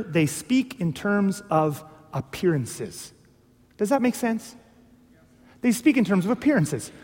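A male pastor preaching a sermon, animated and full of rhetorical questions, acting out little dialogues. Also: sits high. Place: church hall. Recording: long hall reverb.

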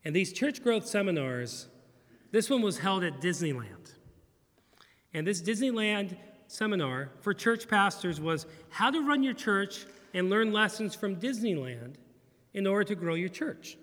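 A middle-aged man, a pastor, preaching a sermon in a church in an animated, humorous way, acting out bits of dialogue. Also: high-pitched, measured pace, big-room sound. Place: church sanctuary.

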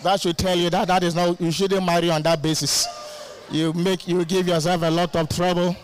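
A male guest preacher giving a lively sermon, laughing often and calling out to the congregation for responses. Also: high-pitched, normal speed, a little hiss or hum.

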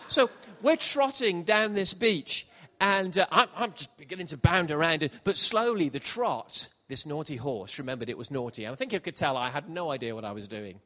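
Man, middle-aged, preaching to a congregation, playful storyteller, swings from soft asides to shouting, lively pitch. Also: moderate pace, hardly any pauses. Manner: animated, jokey, swings from quiet asides to shouting. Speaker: pastor. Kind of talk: sermon with comic storytelling. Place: church hall with congregation.

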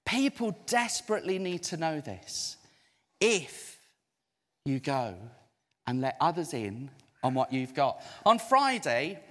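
Lively preacher in echoing hall. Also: male voice, fairly high pitch. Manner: expressive, drawn-out emphasis, audience call-and-response. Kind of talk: sermon.

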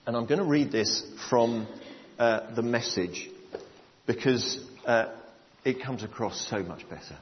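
A man preaching a sermon, explaining a Bible passage to his congregation in a measured way. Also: medium pitch. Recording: long hall reverb, dull lo-fi sound.

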